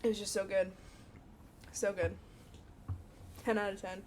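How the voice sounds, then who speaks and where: A woman co-hosting a casual podcast, telling stories in a giggly, animated way. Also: medium pitch, unhurried, slight background noise. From Chicago area. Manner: giggly, animated storyteller who acts out coworkers' voices. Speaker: podcast co-host. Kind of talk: casual chat.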